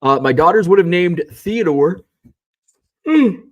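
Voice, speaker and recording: A man in his thirties hosting a casual livestream, reading viewer comments aloud and chatting in a relaxed, rambling way, with lots of fillers and restarts, a little tired. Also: sits high, slow pace, highs cut off. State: yawning, tired. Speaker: card-collecting livestream host.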